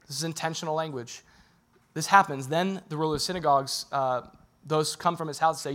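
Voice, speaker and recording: Male pastor giving a sermon, kinda high voice, tells the story with lots of energy and jokes. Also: a little fast. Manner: animated storytelling, acting out quotes in a casual, joking tone.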